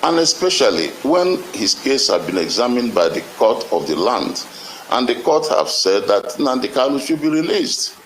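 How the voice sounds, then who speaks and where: A man answering in a broadcast interview, measured and hesitant. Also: mid-range voice, big pitch swings, a bit bright, slight background noise, low-quality recording. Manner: measured, hesitant, with fillers and restarts. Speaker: interviewed spokesman.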